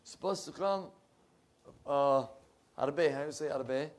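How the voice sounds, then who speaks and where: A rabbi with a slow, higher-pitched male voice preaches an impassioned sermon in a synagogue, weaving in stories. He grows loud while telling them, drops to soft asides, and searches for English words mid-sentence.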